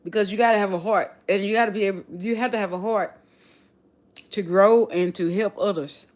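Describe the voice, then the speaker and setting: A woman's voice: mid-range voice, steady tone, a little fast, a little mellow. A woman with a regional accent chatting casually on a livestream, reflective and often repeating and restarting her phrases. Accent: non-local regional accent. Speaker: livestream host.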